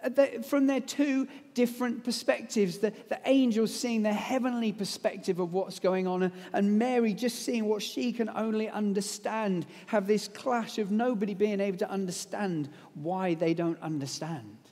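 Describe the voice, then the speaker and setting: A man preaching a lively, conversational sermon that retells a story, with casual asides. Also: high voice, normal speed, few pauses. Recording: long hall reverb.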